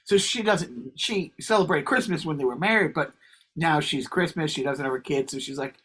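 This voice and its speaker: A man's voice: fairly high pitch, moderate pace, fairly bright tone, husky. A man co-hosting a podcast, rambling through casual stories and laughing as he talks. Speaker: podcast co-host. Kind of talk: casual chat.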